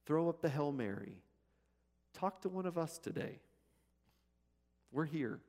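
Earnest preacher in a reverberant hall. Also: male voice, on the high side, animated, measured pace, gravelly. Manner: earnest, repetitive, drops to a soft hush. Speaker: pastor. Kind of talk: sermon.

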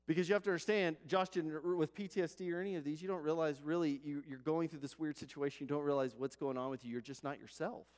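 Earnest preacher in a reverberant hall. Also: male voice, on the high side, fairly even intonation, quick pace, few pauses. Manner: earnest, repetitive, drops to a soft hush. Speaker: pastor. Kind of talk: sermon.

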